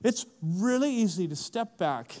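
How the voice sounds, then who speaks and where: A man preaching a sermon, swinging from quiet, low asides to impassioned, rising appeals. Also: animated, unhurried. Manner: impassioned, rising to shouts then dropping low. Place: large event hall.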